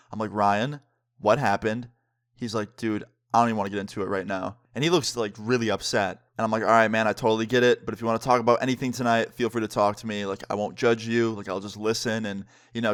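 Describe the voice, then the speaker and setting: A man's voice: medium pitch, fairly bright tone, clear, resonant tone, no room sound, studio quality. Young man telling a casual storytime. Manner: casual, slangy, heavy use of "like" and "dude"; acts out both sides of conversations. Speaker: vlogger. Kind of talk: storytime narration.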